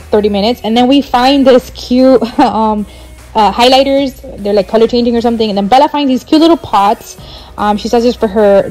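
Mom voiceover, thirties, high-ish voice, chatty storyteller who acts out every quote. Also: female voice, darkish tone, poor audio. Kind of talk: casual vlog voiceover.

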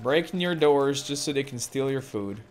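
A woman's voice: rumbling low, expressive, normal speed, a little mellow, faint music behind. Foul-mouthed woman ranting over gameplay. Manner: swears constantly, rants at the game. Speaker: gameplay streamer. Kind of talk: let's play commentary.

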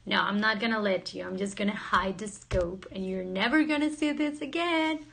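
A woman's voice: medium pitch, normal speed, gravelly, a bit bright, slight background noise. A woman casually chatting on a livestream, playful and giggly, joking with viewers and reading their comments aloud. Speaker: livestream host.

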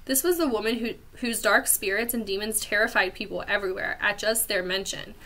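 Bright-voiced teacher reading aloud. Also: female voice, mid-range voice, fairly quick, a little hiss or hum. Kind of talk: reading a chapter book aloud.

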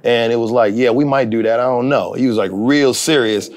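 A man's voice: medium pitch, a little fast. A middle-aged man, a TV writer and actor, telling a story in a casual interview, acting out the people he quotes. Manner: animated, acts out quoted voices.

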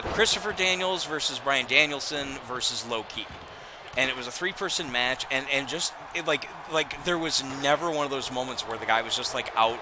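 A man hosting a casual gaming chat with friends, animated and often laughing. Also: mid-range voice, background noise. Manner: animated, laughing, frequent restarts. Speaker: host.

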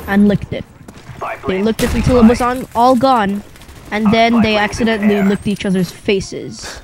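A young man telling a rambling, improvised comic story in a deadpan way, pausing often. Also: high-pitched, noisy background. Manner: rambling, deadpan, with long pauses.

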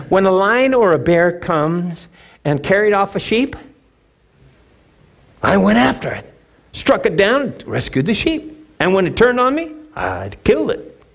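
A man's voice: high voice, sing-song, a little slow, creaky, pauses often, fairly bright tone, voice pushed up, exaggerated voice. A man voicing a fearless young shepherd boy who speaks with bold, matter-of-fact confidence. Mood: confident.

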